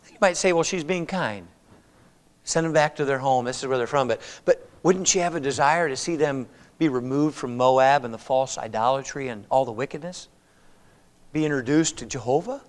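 Speaking at normal speed in a mid-range voice, a male preacher leads an expository Bible study in a conversational style. As he reads, he acts out the characters' words, and the church hall lends a long reverb.

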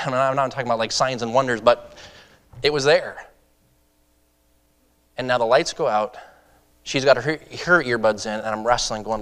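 A man preaching as an evangelist, telling a story with animated swings between loud excitement and soft earnest delivery. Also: medium pitch, brisk, clean tone. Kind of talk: sermon storytelling. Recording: long hall reverb.

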